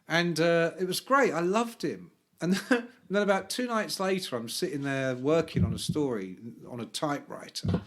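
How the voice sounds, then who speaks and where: A man recounts old stories in relaxed podcast chat. His voice sits a little high for a man. He swears easily and mimics the people he quotes. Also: normal speed, few pauses. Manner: storytelling, swears freely, acts out quoted voices. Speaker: podcast co-host. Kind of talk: casual chat.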